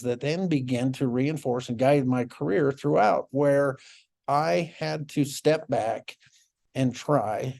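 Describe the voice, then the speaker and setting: A middle-aged former child welfare caseworker tells stories during a conference talk, speaking reflectively with soft laughs and restarts. His voice is medium-pitched and gravelly.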